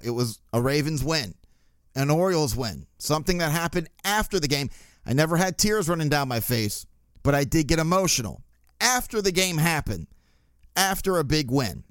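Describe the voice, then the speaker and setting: A man's voice: fairly high pitch, no room sound, studio quality. A young adult man hosting a sports podcast, talking casually in a blunt, joking, profane way. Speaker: podcast host.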